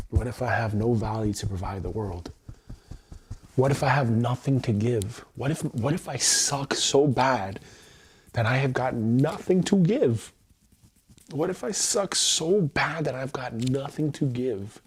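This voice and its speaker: A man's voice: medium pitch, measured pace, soft background music. A man leading an emotional tapping livestream, speaking in intense, repetitive affirmations with some swearing. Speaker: self-help livestreamer.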